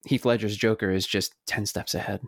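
A man in casual conversation about films, talking in a rambling, animated way with many restarts and the odd curse. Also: on the low side, fairly quick, dry recording, clean studio sound. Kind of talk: casual film discussion.

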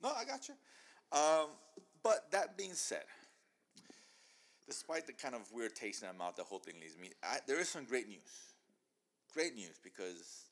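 A man hosting a casual podcast chat, excitable and animated, often talking over his co-hosts. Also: mid-range voice, moderate pace, pauses often. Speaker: podcast host.

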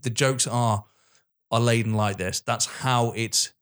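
A man's voice: mid-range voice, fairly even intonation, a little slow, a bit bright, clean tone. A man co-hosting a casual film podcast, enthusiastic and swearing freely as he retells favourite scenes. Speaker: podcast co-host.

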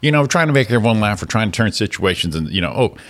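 Man, low voice, swoops a lot, grumpy profane rants, stammers, morning show co-host. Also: very animated, racing. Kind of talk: casual chat. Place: radio studio.

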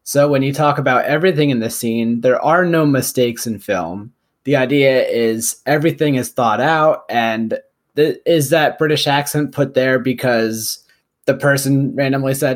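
A young man co-hosting a podcast thinks aloud about a film in a casual discussion. His medium-pitched voice moves at a moderate pace, full of uhs and restarts.

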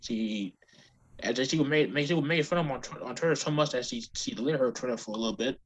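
A man's voice: mid-range voice, fast talker. A man co-hosting a casual wrestling podcast, talking bluntly with many restarts and fillers. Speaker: podcast co-host.

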